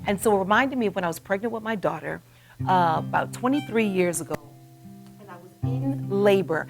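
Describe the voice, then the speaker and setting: A woman in her forties hosting a web talk show, telling a motivational story in an animated, dramatic way. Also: medium pitch, brisk, creaky, soft background music. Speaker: host.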